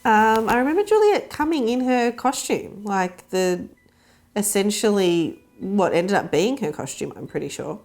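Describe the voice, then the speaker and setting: A woman's voice: mid-range voice, lively intonation, measured pace, a little mellow. A woman from the film crew, chatting about auditions in a documentary interview with lots of "like" and "um". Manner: chatty, uses many fillers. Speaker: crew member on casting.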